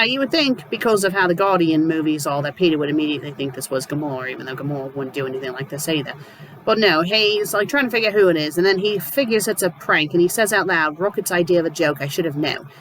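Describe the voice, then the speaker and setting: A man's voice: a little high, a bit bright, a little hiss or hum, low-quality recording. A young man casually summarizing and reviewing a fan fiction story, rambling and sardonic.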